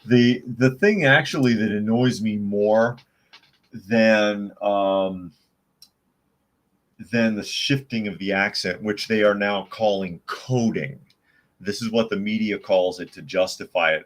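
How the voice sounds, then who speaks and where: A man's voice: on the low side, takes it slowly. A man hosting a live news podcast, reading viewer chat and commenting with sarcastic indignation. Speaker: podcast host.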